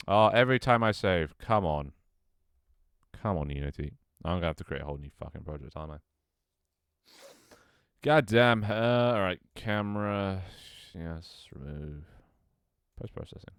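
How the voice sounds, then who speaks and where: A man with a very deep, low voice mutters and thinks aloud while he builds a game level on stream. He swears freely, banters with his chat, and his voice sometimes cracks. The sound is dry and close, with no room echo. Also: expressive, moderate pace, smooth. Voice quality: voice cracks at times. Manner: mutters to himself, swears often, jokes with chat.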